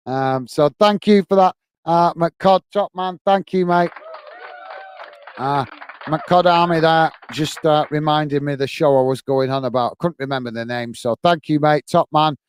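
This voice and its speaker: A man's voice: fairly high pitch, a little slow, slight background noise. Chatty man hosting a football watch-along. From United Kingdom. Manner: chatty, reads out viewer comments and thanks them by name; many fillers and restarts, friendly banter. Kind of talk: live match commentary and chat with viewers.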